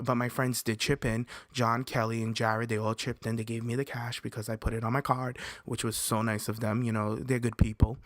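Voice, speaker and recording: A young man hosting a podcast, telling a long story in casual chat, animated and full of swearing, his voice jumping high when he quotes himself yelling. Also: no echo, studio quality. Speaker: podcast host.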